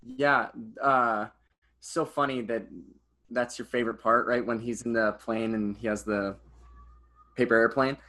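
A young man in easygoing film talk, laughing a lot and breaking into goofy voices to quote lines. His voice sits at an everyday pitch. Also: steady tone, a little slow, pushed and bright. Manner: laughs often, puts on silly voices when quoting. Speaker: podcast co-host. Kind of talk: casual film chat.

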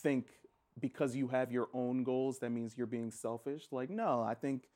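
A man co-hosting a casual podcast chat, blunt and joking, getting loud when riled up. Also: mid-range voice, moderate pace. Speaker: podcast co-host.

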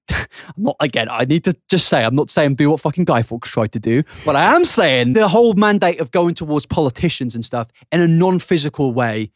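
A man's voice: a little high, big pitch swings, fairly quick, dry recording, studio quality. Sweary laughing young man. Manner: sweary, laughing often, rambling. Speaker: podcast co-host. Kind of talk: casual banter.

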